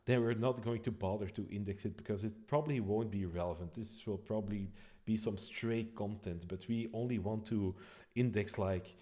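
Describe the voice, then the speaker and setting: A man explaining his code on a live stream, thinking aloud with frequent pauses and restarts. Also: fairly low pitch, mellow. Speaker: developer streaming a code walkthrough.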